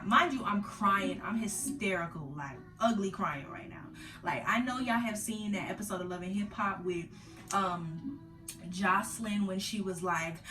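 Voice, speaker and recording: A young woman vlogger telling her story in casual slang, animated, acting out her own past cries. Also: medium pitch, echoey room, recorded from a distance.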